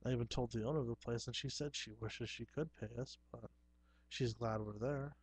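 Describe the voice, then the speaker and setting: A man's voice: medium pitch, fairly even intonation, a little fast, slightly rough, no room sound. A man, a clown performer, talking through a casual rambling monologue in an earnest, self-assured way, often restarting his sentences.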